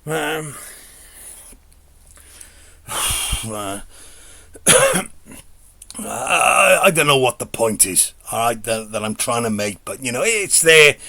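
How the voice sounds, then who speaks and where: A man's voice: mid-range voice, wildly swooping pitch, slow pace, pauses often, sharp tone, dry recording. A middle-aged man tells a comic story in a rambling, stammering, sweary, self-mocking way. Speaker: comedy vlogger.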